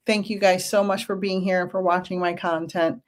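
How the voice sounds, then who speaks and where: A woman in her fifties, a spiritual medium hosting a casual livestream, who talks in a gentle, reassuring way with chatty asides. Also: on the low side, little pitch movement, normal speed.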